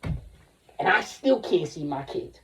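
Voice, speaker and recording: Man, forties, livestream ranter: rambling and profane, fairly high voice, recorded off-mic. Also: big pitch swings, slow pace, a bit bright, recorded from a distance, a little hiss or hum. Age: 40s. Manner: rambling, profane, jumps between topics.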